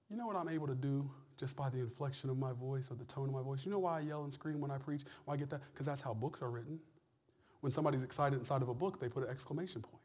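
A man preaching a sermon, swinging between loud, drawn-out cries and hushed whispers. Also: a little high.

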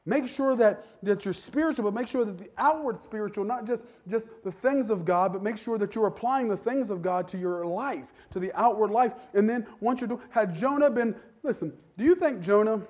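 A man, a pastor, preaching a conversational sermon that swells into fervent shouting. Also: high voice, moderate pace, few pauses.

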